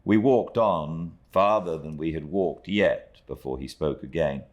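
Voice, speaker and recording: Very deep, slow male audiobook narrator. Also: highs cut off. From Britain. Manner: measured, expressive storytelling. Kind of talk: unabridged audiobook reading.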